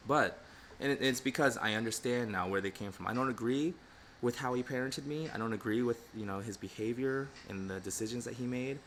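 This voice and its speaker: A man's voice: medium pitch, brisk, fairly bright tone, a little hiss or hum. A middle-aged man talking candidly and reflectively in a casual livestream, with lots of "you know" fillers. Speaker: pet groomer and channel host.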